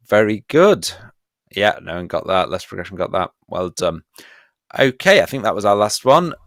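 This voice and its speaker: A man with a very low voice leads a live online revision quiz for students. He is playful and pokes fun at himself, and his voice sounds dry and close. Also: a bit bright, no room sound. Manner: playful and self-mocking, chuckles often. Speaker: history teacher.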